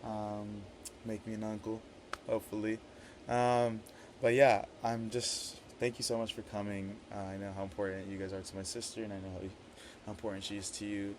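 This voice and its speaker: A man's voice: lowish voice, level tone, moderate pace, slight background noise. A young man practicing a wedding toast for his sister as brother of the bride, rambling with lots of fillers and restarts.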